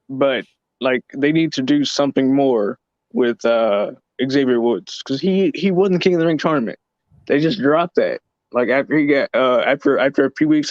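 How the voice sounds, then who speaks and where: A man co-hosting a casual podcast, opinionated and halting, who often stammers and restarts his sentences. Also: mid-range voice, dry recording. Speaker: podcast co-host. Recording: dull dry lo-fi mic.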